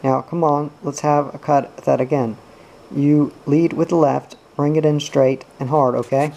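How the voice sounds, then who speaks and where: A cocky, eager young boxer coaches a sparring partner in a storybook, as a man reads him. His tone is brisk and teasing. The voice is mellow and dark, held fairly flat. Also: fairly high pitch, creaky, low-quality recording. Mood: coaching. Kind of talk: audiobook reading.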